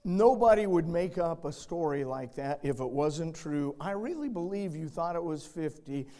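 A man voicing a patient male police officer on a traffic stop, speaking low, quiet and matter-of-fact. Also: animated, moderate pace, lightly acted. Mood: lenient.

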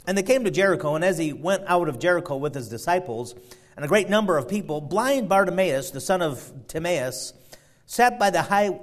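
A man preaching a sermon, moving from a quiet prayer to loud, fervent emphasis as he retells a story. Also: fairly high pitch.

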